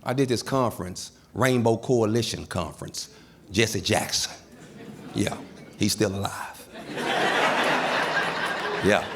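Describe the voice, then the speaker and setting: Performing stand-up before a live audience, a middle-aged man speaks slowly in a lowish voice, pausing often as the crowd sounds in the background. He tells stories animatedly and acts out the people in them.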